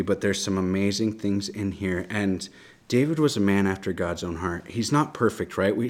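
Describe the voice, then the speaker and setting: A man teaching a Bible lesson in a casual, conversational way, reading passages aloud and often asking "right?". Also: low voice.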